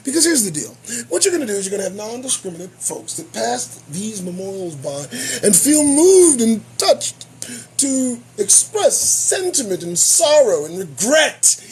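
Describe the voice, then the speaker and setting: A man's voice: high-pitched, moderate pace, crowd noise. A man hosting his own show, giving profane, sarcastic commentary on the news. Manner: animated, swearing, sarcastic. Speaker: show host.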